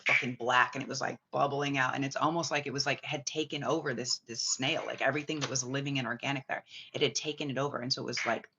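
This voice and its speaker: A spiritual reader telling a long personal story in a rambling, excitable way, swearing often and full of filler words. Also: medium pitch, background noise. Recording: slightly muffled lo-fi audio.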